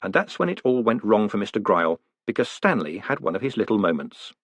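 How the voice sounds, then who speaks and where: A man reading a fantasy novel aloud as an audiobook, with expressive, wry storytelling. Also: fairly low pitch, fairly quick, breathy edge, no room sound. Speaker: audiobook narrator. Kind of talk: audiobook narration.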